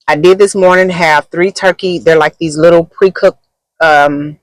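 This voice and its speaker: A woman's voice: sits low, dry recording, poor audio. A woman content creator talking casually in a rambling, chatty vlog from inside a car, eating as she goes. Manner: rambling and chatty, many fillers; talks while eating.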